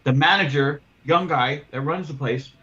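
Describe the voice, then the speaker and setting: A man's voice: on the high side, moderate pace, highs cut off. A man on a casual podcast, telling a long story about losing a cleaning client and acting out both sides of the talk, swearing freely. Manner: profane, animated storyteller acting out dialogue. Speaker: podcast host, window cleaner.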